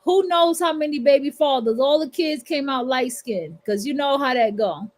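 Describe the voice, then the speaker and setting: Blunt, high-voiced New woman. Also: animated, normal speed, darkish tone. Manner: blunt and profane, preaching to listeners. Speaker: livestream host. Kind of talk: casual monologue.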